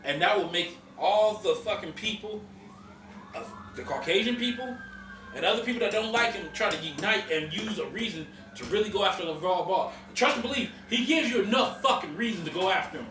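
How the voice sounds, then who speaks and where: A man's voice: high voice, expressive, brisk, reverberant, far from the mic, noisy background. A man hosting a podcast, ranting in heated casual chat, profane and emphatic. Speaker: podcast host.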